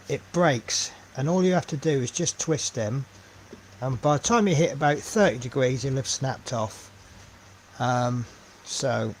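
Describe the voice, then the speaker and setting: A man's voice: medium pitch, slight background noise. A man chatting casually on a live stream while he paints miniatures, thinking aloud with many ums and trailing asides.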